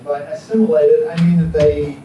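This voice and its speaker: A man's voice: fairly high pitch, level tone, normal speed, lo-fi sound, slight background noise. A man giving a political science lecture in a classroom, rambling with frequent ums and asides. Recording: echoey classroom from far off.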